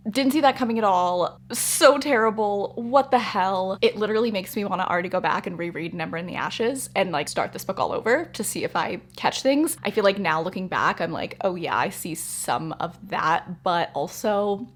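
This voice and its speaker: A young woman talking casually to camera in a reading vlog, gushing and emphatic, speaking in excited bursts. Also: mid-range voice, a little fast, few pauses. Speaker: reading vlogger.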